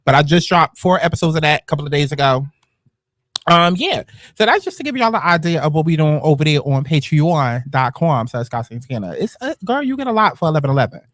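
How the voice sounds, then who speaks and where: A man, hosting casual reality-show commentary in a sassy, animated, gossipy way and swearing freely. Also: fairly high pitch, brisk, dry recording, studio quality. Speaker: YouTube commentary host.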